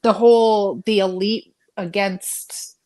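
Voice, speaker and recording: A woman's voice: mid-range voice, fairly even intonation, slow, darkish tone. Laughing, easygoing woman co-hosting a stream. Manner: laughs often, hesitant with fillers, swears casually. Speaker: live stream co-host. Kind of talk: casual wrestling watch-along chat.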